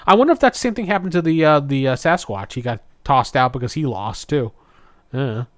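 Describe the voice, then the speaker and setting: A man's voice: mid-range voice, animated, a little fast, no echo, clean studio sound. A man co-hosting a podcast, recapping a cartoon episode in a casual chat and briefly mimicking characters' lines. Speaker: podcast co-host.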